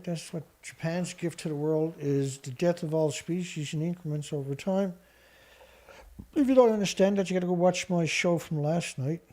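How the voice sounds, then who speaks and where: A ranting online show host reads headlines aloud and snaps back at them with sarcastic insults. The voice sits at a middle pitch with a dark, mellow tone, even when the anger rises. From Canada. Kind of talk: reading news items and ranting about them.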